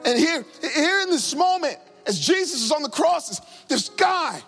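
A man delivers an impassioned sermon in a strikingly high, lively voice that swings up and down. He repeats his phrases for emphasis. His voice rings with a long reverb through a church sanctuary, with faint music underneath. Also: slow, long pauses. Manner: impassioned, repetitive, rising and falling emphasis. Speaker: preacher.

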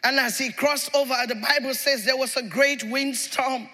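A man preaching a sermon as pastor, shouting and repeating his refrains with passion. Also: very high-pitched, fairly even intonation, normal speed. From Nigeria. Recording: reverberant hall with congregation.

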